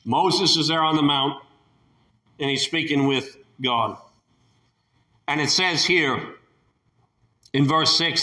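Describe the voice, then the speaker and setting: A man's voice: a little high, slow, long pauses, pushed and bright, roomy sound. A man preaching a sermon in a fervent way, building to emphatic peaks and sometimes restarting his sentences.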